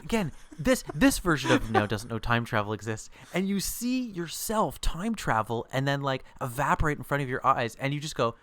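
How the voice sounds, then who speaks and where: Podcast co-host, male, lively chat, acts out quotes, dry booth sound. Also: mid-range voice, moderate pace, few pauses, no room sound. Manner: animated, acts out quotes in jumping voices. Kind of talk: casual chat.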